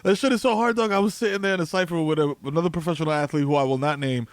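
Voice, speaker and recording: A New man with a slightly raised pitch, tossing out slangy jokes and laughing often between lines. He sounds relaxed and conversational. The recording is close and dry. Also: racing, dry recording. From the Bronx, New York. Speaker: podcast co-host. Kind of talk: casual comedic banter. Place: home.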